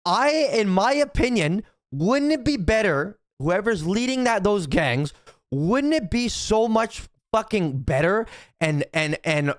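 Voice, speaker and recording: Young man, streamer, casual profane rant, stumbles and repeats himself, a bit high-pitched, dry mic. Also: dry recording. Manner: rambling, profane, many restarts and repeated "right?". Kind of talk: casual opinion chat to stream chat.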